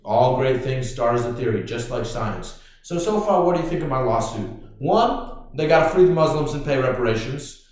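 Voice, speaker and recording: A man hosting a podcast, ranting casually in a profane, excitable way. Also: mid-range voice, moderate pace. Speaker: podcast host. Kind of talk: casual rant. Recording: very echoey room.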